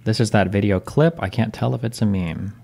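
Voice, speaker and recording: A man's voice: lowish voice, brisk, gravelly, warm tone. A man commenting live on his stream in a blunt, mocking, profane way. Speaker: streamer reacting to clips.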